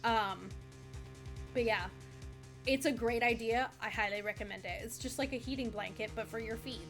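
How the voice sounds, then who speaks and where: A woman's voice: fairly high pitch, moderate pace, fairly bright tone, faint music behind. A young adult woman streaming a game, chatting casually and rambling, thanking viewers effusively. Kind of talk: casual live-stream chat.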